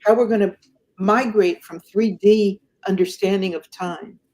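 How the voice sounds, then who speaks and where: A woman's voice: medium pitch, measured pace. A woman guest telling a personal story in a conversation, acting out the voices of the people in it. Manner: animated, acts out the voices in her stories.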